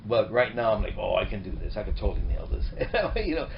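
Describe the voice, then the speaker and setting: A middle-aged man with a somewhat low voice talks in an animated, rambling way, often restarting his sentences. He is a guest being interviewed on a boat. The recording is muffled and lo-fi, with a faint hiss behind him. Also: fast, vocal fry. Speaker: comedian and filmmaker guest. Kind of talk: casual interview chat.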